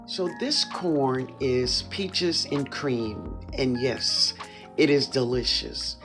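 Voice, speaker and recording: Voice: mid-range voice, animated, drawn-out words, over music. A home gardener with a New Orleans accent, giving a casual, enthusiastic walk-through of their own backyard garden and often addressing viewers as "y'all.". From New Orleans, USA. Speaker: home gardener, channel host.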